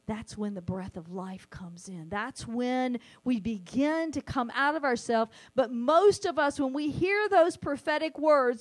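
A woman preaching a sermon, animated, sometimes acting out the voices she quotes. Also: high-pitched, measured pace, few pauses.

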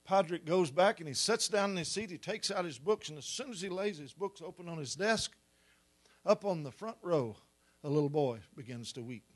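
Male preacher, middle-aged, sermon storytelling, fairly high voice, builds to loud peaks. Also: moderate pace. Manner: animated storyteller, rising to loud climaxes.

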